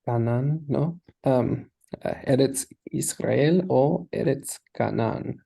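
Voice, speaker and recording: Slow, gravelly-voiced man tutoring Hebrew. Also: medium pitch, dark tone. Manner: patient, asks the student questions and explains step by step. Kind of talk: online language lesson.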